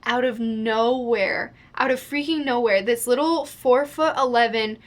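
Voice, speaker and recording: A young adult woman speaks unhurriedly in a fairly high voice, telling a storytime vlog straight to the camera. She sounds chatty and exasperated, filling her speech with "like."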